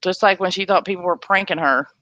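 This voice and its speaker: A woman's voice: lowish voice, fast, pushed and bright, no echo, highs cut off. A woman hosting a casual livestream chat, blunt and sarcastic as she talks with viewers. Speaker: livestream host.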